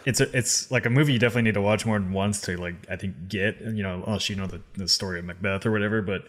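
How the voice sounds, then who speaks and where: A man co-hosting a casual film podcast over a video call, halting between thoughts and dropping dry quips. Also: lowish voice. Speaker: podcast co-host.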